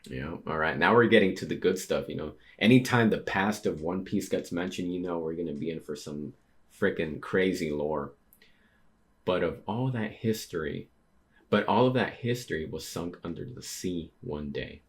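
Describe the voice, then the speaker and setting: A man's voice: deep voice, moderate pace. A young man reading a manga chapter aloud in a plain voice and stopping to react and comment. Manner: reads dialogue plainly, breaks off to react with surprise.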